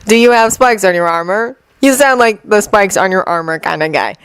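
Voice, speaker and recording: A woman reading a cocky sarcastic man, mocking banter, smooth voice, dry sound. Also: mid-range voice, lively intonation, moderate pace, no echo, lightly acted.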